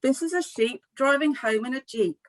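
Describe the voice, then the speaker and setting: The storytime leader, a middle-aged woman, reads a picture book to children on a video call at normal speed. Her high-pitched voice is lively, expressive and warm, though the audio quality is poor.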